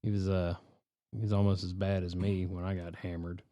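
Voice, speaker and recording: Low-voiced man chiming in, teasing. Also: flat delivery, brisk, dark tone, no echo. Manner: short agreeing interjections, teasing and profane. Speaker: podcast co-host. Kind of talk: casual chat.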